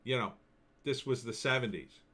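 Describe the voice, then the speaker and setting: A man's voice: mid-range voice, moderate pace, sharp tone. A man talking casually to camera with gum in his mouth, rambling through opinionated asides. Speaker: vlogger giving opinions.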